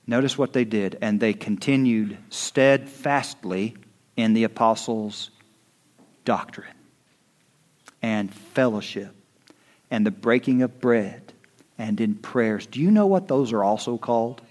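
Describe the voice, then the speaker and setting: A man preaching a sermon as pastor. He swings from quiet, hushed lines to loud, rising exhortation. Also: lowish voice, takes it slowly, long pauses.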